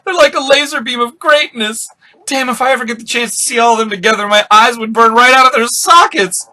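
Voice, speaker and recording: A starstruck young sailor squeals in a strained, very high voice, as a man puts him on. He gushes breathlessly, his bright, sharp tone almost cracking with excitement. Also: brisk, heavily acted. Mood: starstruck gushing. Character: overexcited young male fanboy sailor, gushing.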